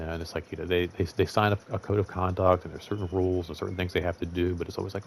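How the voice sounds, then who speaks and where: Deep-voiced man rambling casually. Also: steady tone, fast, hardly any pauses, a little hiss or hum. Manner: rambling, filler-heavy, candid and profane. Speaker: show host.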